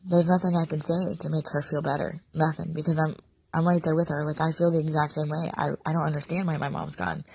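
A woman in her thirties, a sick and short-of-breath mother, sadly confiding a personal story in a halting monologue full of fillers. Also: sits low, a little mellow, slightly rough, no room sound. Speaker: podcaster, mother.

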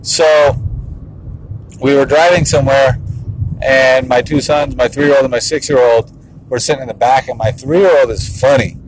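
A man's voice: mid-range voice, fairly even intonation, moderate pace, a little hiss or hum, low-quality recording. A man in his thirties, a father and business owner, talking casually, laughing often and playfully mimicking his kids. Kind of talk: casual vlog monologue.

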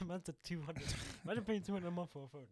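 A young man with a South London accent, co-hosting a podcast in quick, slangy banter. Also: sits high, darkish tone, no room sound. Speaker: podcast co-host. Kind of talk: casual chat.

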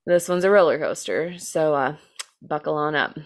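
Chatty American woman with a lowish voice. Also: normal speed. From United States. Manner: chatty, filler-heavy, self-deprecating, swears casually. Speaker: podcast co-host telling a true-crime case. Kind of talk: casual chat.

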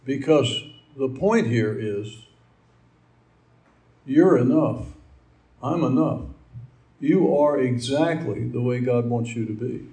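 A man's voice: medium pitch, takes it slowly, creaky, long pauses, dark tone. A middle-aged man giving a conversational sermon, folksy and rambling, with asides and fillers. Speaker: preacher.

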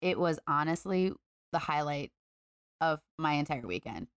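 A woman's voice: low voice, animated, moderate pace, clear, resonant tone, no room sound, clean studio sound. A woman co-hosting a podcast in casual chat, upbeat and chatty with many fillers. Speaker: podcast co-host.

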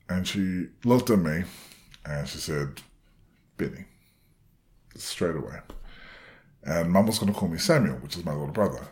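A man's voice: sits low, darkish tone. A young man in his twenties tells a personal story in a wandering, self-deprecating way, acting out the voices of the people in it.

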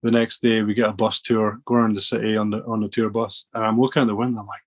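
A man's voice: lowish voice, little pitch movement, quick pace, few pauses. A man from Scotland, a podcast guest telling rambling stories with many restarts. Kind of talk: casual storytelling.

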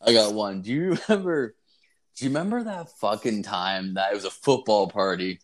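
A man's voice: on the low side, moderate pace. A young man co-hosting a casual podcast, telling crude stories with lots of swearing and laughter. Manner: profane, laughing, animated storytelling. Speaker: podcast co-host.

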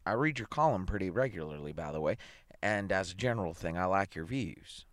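A chirpy, talkative psychologist, eager to explain things, as a man reads him. His deep, dry voice rises and swings a great deal as he chatters. It plays like a storybook character. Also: lively intonation, fairly quick, no room sound. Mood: chatty. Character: chatty, eager middle-aged male psychologist.

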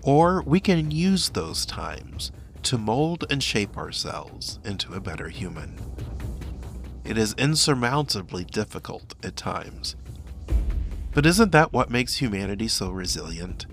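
A man narrating a scripted video essay in a measured, earnest and reflective way. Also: on the low side, very animated, vocal fry, a bit bright. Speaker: commentator. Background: faint background music.

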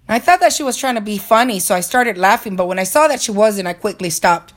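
A woman's voice: medium pitch, fast, hardly any pauses. A woman narrating a personal story in an earnest, reflective way, as a motivational speaker.

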